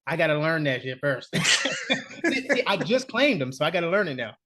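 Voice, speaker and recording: Male co-host, lively anecdote-teller, swears freely, laughs a lot. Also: on the high side, fairly quick. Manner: animated, profane, laughs often. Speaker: podcast co-host. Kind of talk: casual storytelling chat.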